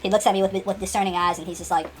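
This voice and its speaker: A woman's voice: medium pitch, steady tone, rapid-fire, soft background music. A woman telling an unscripted comedic story, rambling with many restarts and laughs.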